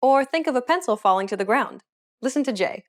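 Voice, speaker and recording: A woman reading a scripted pronunciation lesson in a clear, explanatory manner. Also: fairly high pitch, expressive, quick pace. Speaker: language teacher. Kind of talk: scripted instructional narration.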